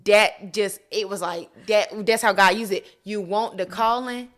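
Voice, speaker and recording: Excited woman sharing a revelation. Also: medium pitch, a little slow. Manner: excited, emphatic, preachy. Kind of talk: casual faith chat.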